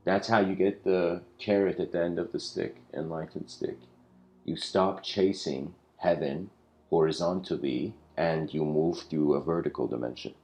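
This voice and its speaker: This spiritual lecture comes from a man with a low-pitched, slightly mellow voice who tells it in a relaxed, rambling way. His talk is full of "like" and "you know," and he eases his pace to stress the main ideas.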